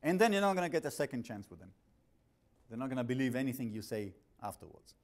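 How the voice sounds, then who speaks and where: A male instructor with an accent lectures a class in a blunt, animated way, cracking jokes and often cutting off and restarting his sentences. His voice sits at an ordinary middle pitch. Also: quick pace. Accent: non-native English.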